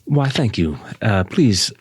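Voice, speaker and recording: A man puts on a polite, formal gentleman adventurer with a low voice. His speech moves in a lively, courteous lilt. The sound is dry and close. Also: slow pace, slightly rough, dry recording, full character voice.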